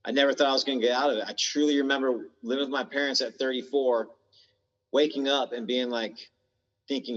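A man's voice: medium pitch, fairly even intonation, brisk. Man, candid storytelling, slangy and blunt, long reverb, dull lo-fi sound. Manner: slangy, blunt, swears freely. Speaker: podcast guest in recovery.

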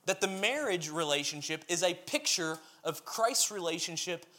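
A man's voice: high-pitched, expressive, moderate pace, bright, forceful tone. A man preaching a sermon, reading scripture aloud and then explaining it in an earnest, emphatic way, building his points as lists.

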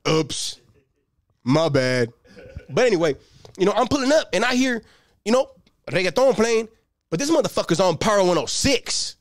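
Animated male stand-up comic. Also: sits high, normal speed, pauses often, dry recording. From Los Angeles. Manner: animated, profane, streetwise banter with shouted bursts. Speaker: stand-up comedian. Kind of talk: stand-up routine.

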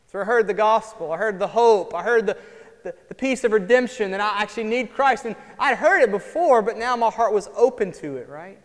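High-voiced man preaching in a reverberant hall. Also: a little fast. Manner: lively preaching, swings between loud emphasis and quiet asides. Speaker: pastor. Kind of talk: sermon.

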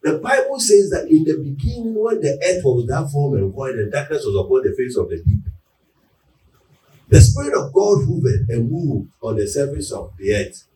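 A male pastor delivers a call-and-response sermon in a fairly high voice that rises and falls widely. He builds to loud, emphatic peaks. He is picked up from a distance in a reverberant church room. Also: sing-song, normal speed. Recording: echoey room, mic at a distance.

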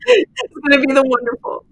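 A woman co-hosting a podcast in casual chat, laughing often and reacting with quick agreement. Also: sits high, big pitch swings, a crowd in the background. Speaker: podcast co-host.

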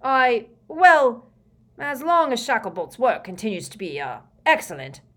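A man's voice: extremely high pitch, wildly swooping pitch, a little slow, fairly bright tone, pitched above the performer's own voice, exaggerated voice. A woman voicing a flustered middle-aged male prime minister who stammers anxiously.

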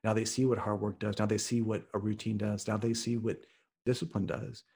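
An Oklahoma podcast guest from the US Midwest, who is an author and speaker, shares a story in conversation with earnest, vivid detail. His voice is lowish, husky and darkish, a little fast, with little pitch movement.

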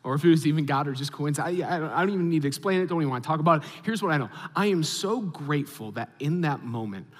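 A man in his thirties preaching a sermon as a pastor, telling a story with animated, acted-out reactions. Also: a little high, racing, hardly any pauses. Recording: long hall reverb.

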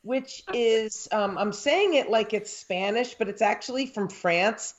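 A woman's voice: a little high, lively intonation, highs cut off. A woman co-hosting a podcast, rambling casually with stuttered restarts. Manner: rambling, halting with repeated starts. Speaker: podcast co-host. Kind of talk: casual chat.

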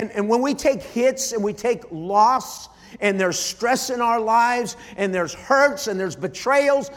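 A middle-aged man, a pastor, preaching an emotional sermon, often halting and repeating his starts. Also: high-pitched, in a large hall. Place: large church hall.

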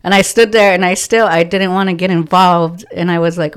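A woman telling stories in a casual podcast chat, animated, acting out the dialogue of the people in it and laughing often. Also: on the low side, a little fast, clear, resonant tone. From from a First Nations reserve community. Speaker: guest, community outreach organizer.

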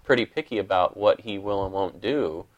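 A man co-hosting a podcast in casual chat, chiming in with quick agreement and repeating words as he starts sentences. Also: deep voice, animated, dull audio. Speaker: podcast co-host.

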